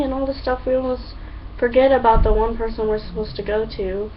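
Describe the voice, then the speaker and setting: A young woman talking to camera in a casual, excitable, chatty way, full of fillers and acted-out quotes. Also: fairly high pitch, a little fast, distant mic. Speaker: vlogger. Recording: dull lo-fi sound, a bit off-mic, faint hum.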